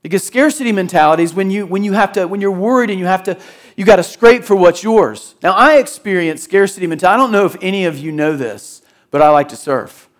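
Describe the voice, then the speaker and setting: A man with a high, light voice preaches in a relaxed, conversational way. He is middle-aged and from the Jacksonville, Florida area. He tells stories and slips into quick acted-out voices of the people in them. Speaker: pastor. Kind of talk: sermon.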